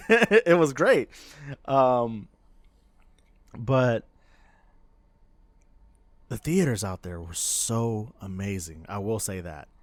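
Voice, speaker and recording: Telling stories on a podcast he co-hosts, this man rambles casually, laughing a lot and restarting often. His fairly low voice is animated yet extremely slow, broken by long pauses, and the recording is dry.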